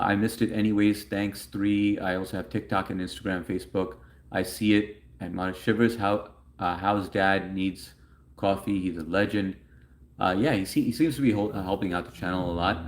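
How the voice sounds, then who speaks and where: A man with a notably deep, low-pitched voice hosts a casual livestream. He chats loosely and rambles, reading viewers' messages aloud and answering them as he goes. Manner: rambling, chatty, reads chat messages aloud. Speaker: livestream host answering chat.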